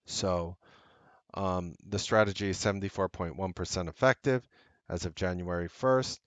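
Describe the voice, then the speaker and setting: A man in a trading lesson talks through his charts and leans on repetition to drive each point home. His voice sits a little low. The mic is close and dry, with no room sound. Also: moderate pace, fairly bright tone, no echo. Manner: emphatic, repeats key points. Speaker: trading strategist. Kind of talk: screen-share trading lesson.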